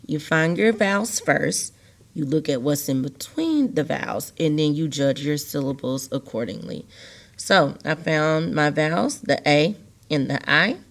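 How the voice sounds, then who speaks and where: Patient woman teacher, low-pitched. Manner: patient, sing-song emphasis, repeats key words. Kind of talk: recorded video lesson on syllables.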